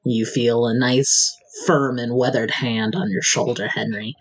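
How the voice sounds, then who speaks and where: A Midwestern man running a tabletop game. He narrates scenes with frequent laughter, his voice slightly husky, and faint music plays in the background. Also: mid-range voice, fairly even intonation, a little slow. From American Midwest. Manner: laughs often while narrating. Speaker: game master.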